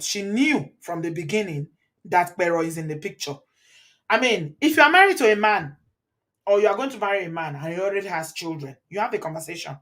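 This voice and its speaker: A woman from Nigeria with a Nigerian accent, hosting a live commentary. She reads viewer comments aloud, chats freely, switches into Pidgin and Yoruba and laughs often. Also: mid-range voice. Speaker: channel host.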